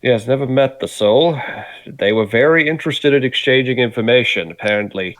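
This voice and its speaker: A man's voice: medium pitch, a little fast, a bit bright, no echo, natural voice, poor audio. A man voicing a scaly, non-human male scholar who talks in a courteous, nerdy, formal way. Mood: polite.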